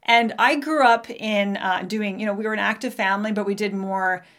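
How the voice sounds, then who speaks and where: Gravelly-voiced woman telling a personal story. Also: mid-range voice, moderate pace. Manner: candid, animated, acts out remembered dialogue. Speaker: podcast host.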